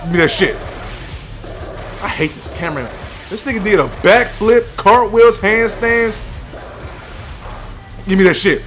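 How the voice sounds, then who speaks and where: A young man commentating his own basketball video game, loudly cursing and trash-talking his teammates. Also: sits high, a little slow, pauses often, soft background music. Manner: loud, profane trash talk at teammates. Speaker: gamer. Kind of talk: live gameplay commentary.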